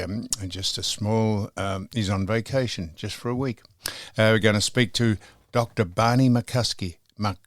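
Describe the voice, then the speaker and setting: Rambling older Australian man, smooth and low. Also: dry recording, studio quality. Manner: rambling, full of ums and restarts. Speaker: podcast host. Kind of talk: casual chat.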